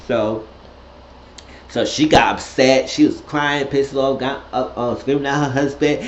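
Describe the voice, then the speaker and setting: Animated man recapping in a roomy room. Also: medium pitch, unhurried. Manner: animated, profane, swings into shrieky quoted voices. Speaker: reality TV recap host. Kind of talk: casual recap chat. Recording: roomy, dull lo-fi audio with faint hiss.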